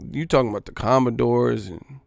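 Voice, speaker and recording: A man's voice: mid-range voice, brisk, gravelly, dry recording, studio quality, soft background music. A man hosting a boxing live stream, ranting in a profane, mocking, repetitive way.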